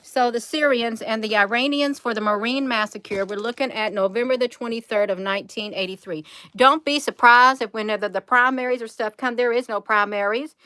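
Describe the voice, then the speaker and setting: A woman's voice: a little high, a little fast, pushed and bright, clear, resonant tone, no echo. A woman, rambling emphatically to her viewers in a casual livestream. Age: 50s. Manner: rambling, emphatic, addresses viewers as "you all". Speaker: channel host.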